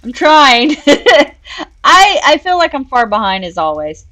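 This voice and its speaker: A woman with a somewhat high voice hosts a casual live stream, talking unhurriedly as she builds in a virtual world. She chats, giggles often, and coos at her cats between tasks. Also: sing-song, unhurried, sharp tone. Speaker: streamer and show host.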